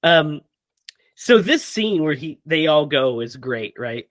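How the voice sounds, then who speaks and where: A man co-hosting a casual movie podcast, retelling scenes with quick quoted character lines. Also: on the high side, big pitch swings, fairly bright tone, dry recording, studio quality. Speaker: podcast co-host.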